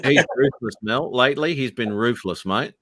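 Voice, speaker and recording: Man putting on a grumbling sidekick voice, wry, raised pitch, bit strained. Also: moderate pace, crowd noise, lightly acted.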